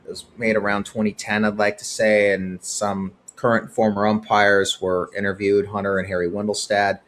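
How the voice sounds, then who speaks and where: A man hosting his own podcast, giving opinionated solo commentary that swings from heated outbursts to hushed, sober stretches. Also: fairly low pitch, little pitch movement, normal speed, a little hiss or hum. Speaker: podcast host.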